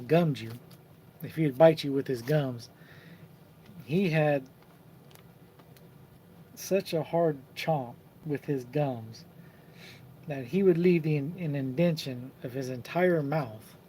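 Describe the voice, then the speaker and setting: A man hosting a casual live stream about card collecting, telling lively stories and mimicking the people in them. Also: on the high side, takes it slowly, pauses often, a little hiss or hum. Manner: animated storyteller who mimics voices and laughs.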